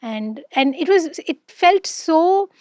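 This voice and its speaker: A woman's voice: very high-pitched, lively intonation, slow pace, darkish tone, no room sound. A woman co-hosting a casual career podcast, reflective and often checking in with "right?". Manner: reflective, frequent "right?" tags. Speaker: podcast co-host. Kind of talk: casual conversation.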